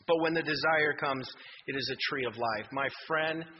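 A man's voice: a little high, steady tone, normal speed. A man preaching a sermon as a pastor, telling stories and rising to emphatic exhortation. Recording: muffled hall reverb, faint noise.

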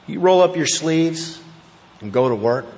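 A male pastor delivers a sermon with a slightly higher voice, swinging between hushed, reflective lines and rousing emphasis. His voice rings with long reverb through a large church. The recording sounds muffled and lo-fi. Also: expressive, unhurried. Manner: preaching, rising to emphatic intensity. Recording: echoey hall, dull lo-fi sound.

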